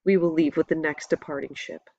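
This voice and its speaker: A weary, badly wounded older sea captain speaks slowly and gravely in an audiobook reading, voiced by a woman. The sound is a little dull and muffled. There is almost no room echo at all. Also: deep voice, steady tone, darkish tone.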